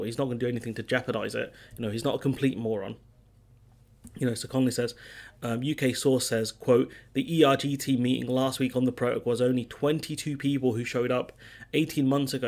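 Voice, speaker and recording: Guy doing solo political commentary, pretty flat steady delivery, lots of ums, dry sarcastic asides, reads quotes out. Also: medium pitch, gravelly. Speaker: political commentary channel host.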